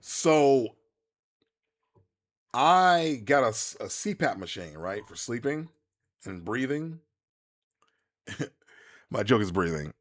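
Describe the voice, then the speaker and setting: A man, chatting casually to viewers while streaming a game, rambling and animated with many restarts. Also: medium pitch, slow pace, long pauses. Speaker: gaming streamer. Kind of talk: casual live-stream chat while playing.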